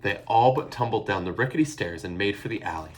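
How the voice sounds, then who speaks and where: Expressive male storybook narrator. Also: lowish voice, fast talker. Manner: expressive, hushed in tense passages. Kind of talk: storybook reading.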